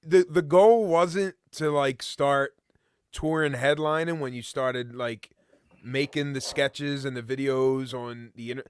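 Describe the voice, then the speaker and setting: An older man hosting a casual interview, asking questions haltingly with repeated words. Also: mid-range voice, fairly even intonation, smooth. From United States. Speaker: podcast host.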